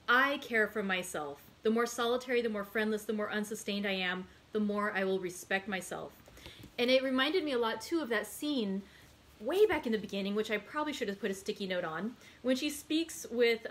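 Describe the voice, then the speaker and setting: A woman's voice: a little high, fairly bright tone. A woman hosting a library read-aloud, chatting casually and self-deprecatingly with frequent fillers before the reading.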